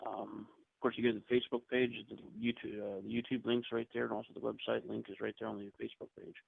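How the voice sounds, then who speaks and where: A husky, gravelly man recounts stories in a loose, chatty way. His voice comes through thin and phone-like, with a dry, close sound. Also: mid-range voice, little pitch movement, no room sound. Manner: chatty, rambling anecdotes with quick asides. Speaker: podcast guest, paranormal investigator. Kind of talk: casual storytelling interview. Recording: tinny phone-like line.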